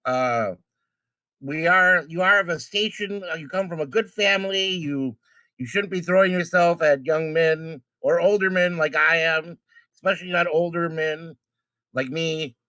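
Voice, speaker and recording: A man voicing a flustered older gentleman who stammers and blathers on. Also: fairly high pitch, unhurried, dry recording, rough recording. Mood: prim. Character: flustered older male gentleman, tongue-tied.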